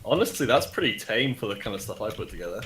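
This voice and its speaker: A man's voice: on the low side, animated, fast talker, a bit bright. A man playing a tabletop game with wry, jokey remarks. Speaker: player. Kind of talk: casual tabletop game banter.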